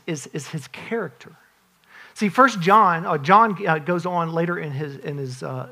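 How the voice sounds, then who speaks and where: A man's voice: on the high side, pushed and bright. A man in his forties, a pastor, preaching an earnest, conversational sermon with frequent restarts and asides.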